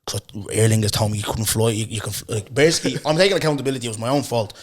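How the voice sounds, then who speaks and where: A young Irish man hosting a podcast, telling a story in a casual chat, animated and laughing often as he acts out what people said. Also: medium pitch, very fast. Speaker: podcast host.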